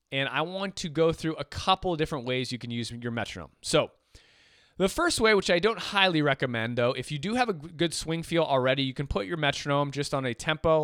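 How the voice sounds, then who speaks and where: A man's voice: a little high, fairly bright tone, no echo. A man teaching jazz swing feel, explaining patiently and counting beats aloud. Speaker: music teacher. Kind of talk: instrument lesson.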